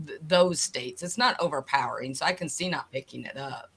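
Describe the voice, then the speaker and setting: Bright, blunt middle-aged woman from Alaska. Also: rumbling low, a little fast, gravelly, breathy edge. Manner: emphatic, acts out quoted voices, blunt. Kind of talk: casual chat.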